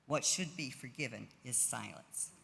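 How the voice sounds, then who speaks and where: A man with a gravelly, mid-pitched voice recites prayers at a measured, steady pace. He is recorded in an echoey synagogue sanctuary with long reverb. A faint hum of room ambience sits under him. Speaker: service reader. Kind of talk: responsive prayer reading.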